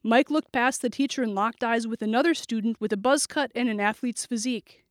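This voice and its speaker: A woman's voice: fairly high pitch, a little fast, no echo. Woman narrating a thriller, dry and close. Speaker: audiobook narrator.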